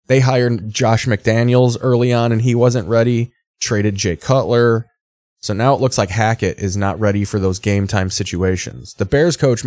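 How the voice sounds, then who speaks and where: Casual male host, low voice, sarcastic and swearing, dry close sound. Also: darkish tone, dry recording. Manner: sarcastic, rambling, swears freely. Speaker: host reacting to football broadcast clips. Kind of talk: casual profane commentary.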